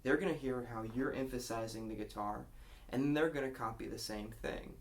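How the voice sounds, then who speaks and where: A man's voice: medium pitch, normal speed. Guy teaching a strumming pattern, casual worship guitar lesson, counts along, mid voice. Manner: counts beats and sings lines aloud while explaining.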